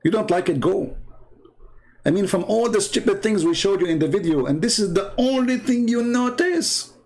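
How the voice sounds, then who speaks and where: A man's voice: high-pitched, animated, moderate pace, a little mellow. A man with an Arabic accent, a native Arabic speaker, giving a sarcastic, exasperated casual commentary and telling mocking anecdotes. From Middle East. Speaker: online debater and channel host.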